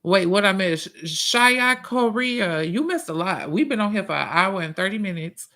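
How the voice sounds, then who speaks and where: A man hosting a casual livestream, reading viewer comments and chatting in a profane, drawn-out way. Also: high voice, animated, pushed and bright. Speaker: livestream host and musician.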